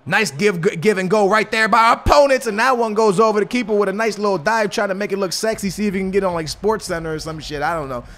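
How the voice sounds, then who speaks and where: A young man giving slangy, excitable commentary over a football video game, swinging between hype and grumbling. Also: high voice, fast, hardly any pauses. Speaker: gaming YouTuber. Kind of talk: gameplay commentary.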